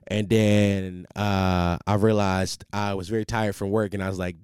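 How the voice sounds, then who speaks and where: A man's voice: low-pitched, a little slow, few pauses, clean tone, dry recording. A tired young man hosting a casual, profane podcast monologue from a home setup on a studio mic. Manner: animated, profane, rambling with restarts. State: tired, sleepless. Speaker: podcast host. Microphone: studio microphone.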